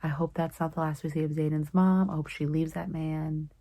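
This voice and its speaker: Young woman, book vlogger, low voice, husky, emotional reactions, slips into whispers, loose rambling retelling. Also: flat delivery, a little fast, dark tone, no room sound. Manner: emotional, exclamatory reactions, often dropping into a whisper; retells plot loosely with many fillers. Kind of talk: casual reading-vlog commentary.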